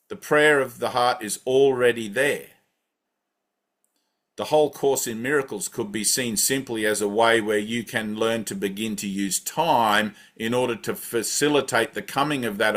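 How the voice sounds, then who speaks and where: A man in a middle-pitched voice, teaching a spiritual gathering in a loose, conversational way. He guides a breathing exercise and often checks in with "right?". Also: fairly bright tone. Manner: conversational, keeps asking "right?". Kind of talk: satsang talk with guided breathing.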